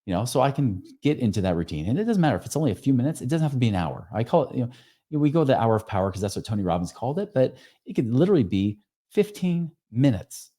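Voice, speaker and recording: A man's voice: medium pitch, big pitch swings, fast talker, dark tone. A man in his forties hosting a podcast, giving casual, earnest advice straight to the listener, with lots of fillers and self-corrections. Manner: speaks directly to the listener with rhetorical questions. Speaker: podcast host.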